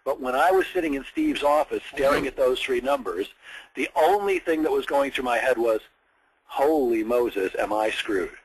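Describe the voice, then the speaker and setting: A man's voice: medium pitch, normal speed, breathy edge, low-quality recording. A man telling a story from his sales career in a training session, acting out other people's lines as he goes. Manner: animated storyteller, acts out quoted voices.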